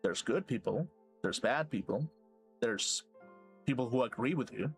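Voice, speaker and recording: A man's voice: mid-range voice, lively intonation, measured pace, faint music behind. A man streaming a game and ranting casually, rambling and swearing as he goes. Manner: rambling, profane, laughs to himself. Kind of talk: casual rambling rant while gaming.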